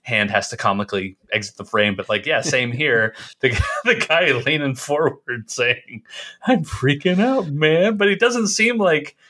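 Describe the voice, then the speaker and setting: A man's voice: mid-range voice, expressive, normal speed, few pauses, bright, forceful tone. A man co-hosting a casual movie podcast, laughing often and quoting lines. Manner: laughs often, quotes lines in put-on voices. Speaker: podcast co-host.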